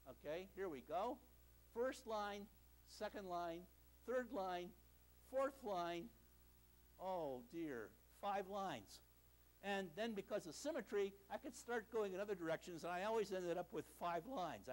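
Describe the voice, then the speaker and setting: An older man giving a university lecture in a lecture hall, telling stories with a self-deprecating sense of humor. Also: high voice.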